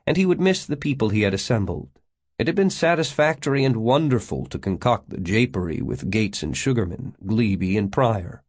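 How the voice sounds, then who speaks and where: Low-voiced male audiobook narrator. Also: animated, normal speed, darkish tone. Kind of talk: scripted narration.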